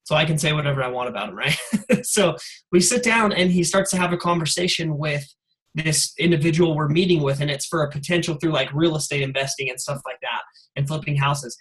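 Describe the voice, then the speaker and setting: High-voiced, pumped-up man giving a pep talk. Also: a little fast, poor audio. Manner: energetic, casual, many "like" and "you guys" fillers. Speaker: guest speaker on a sales call. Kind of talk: motivational call talk.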